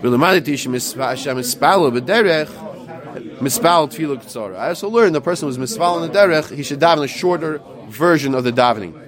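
Man, Talmud teacher with a slightly high voice; slow singsong reading of the text, quick plain explanation after. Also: expressive, crowd noise. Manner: chants the Aramaic text slowly, then explains it in quick plain English. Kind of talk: Talmud lecture with chanted readings.

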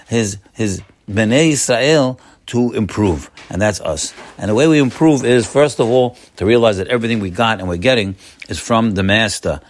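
Low-voiced man preaching with earnest repetition. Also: creaky. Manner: earnest, repeats words while building to points; addresses listeners as friends. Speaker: religious teacher. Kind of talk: Torah sermon with Hebrew verses.

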